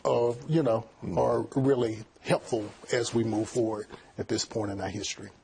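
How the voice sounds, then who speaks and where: A man's voice: mid-range voice, normal speed, gravelly, dark tone, slightly rough. A middle-aged man, a college president, answering interview questions earnestly and often repeating words as he thinks.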